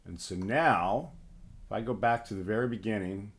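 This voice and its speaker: A man hosting a casual livestream music tutorial, his voice hoarse from phlegm, thinking aloud and narrating each step of his work with small restarts. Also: on the low side, moderate pace. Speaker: livestream host.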